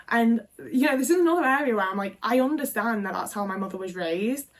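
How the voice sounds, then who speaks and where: A woman's voice: on the high side, lively intonation, fast talker. A woman in her twenties, telling a personal story frankly and casually, swearing often and filling with "like". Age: 20s. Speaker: vlogger.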